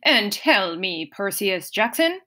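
A woman's voice: medium pitch, big pitch swings, slow, bright, forceful tone, heavily acted. A woman reading an audiobook, voicing an impatient, pompous male camp director who scoffs and talks down to people. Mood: condescending. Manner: scoffing, condescending.

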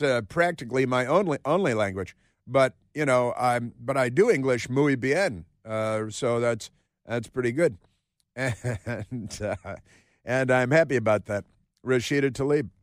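A man's voice: mid-range voice, no echo. A male talk radio host in a studio, delivering a sarcastic, rambling monologue full of filler words.

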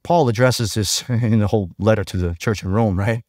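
A man's voice: fairly low pitch, normal speed, darkish tone, no echo, clean studio sound. Man preaching a chatty sermon. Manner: conversational, keeps asking the congregation "right?". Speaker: pastor.

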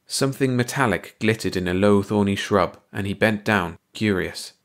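A man reading a short story aloud as an audiobook narrator, in a measured, even storytelling delivery. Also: on the low side. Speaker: audiobook reader.

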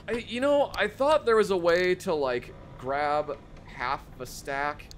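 A man giving casual live gameplay commentary as a streamer, talking to himself and breaking into excited outbursts. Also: measured pace, slight background noise. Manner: excitable, talks to himself, sudden squeaky outbursts.

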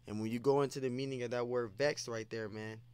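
A man's voice: medium pitch, fairly even intonation, fast, darkish tone, clear, resonant tone. A man giving an informal scripture lesson, repeating phrases and peppering his talk with "man" and "you know.". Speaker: preacher.

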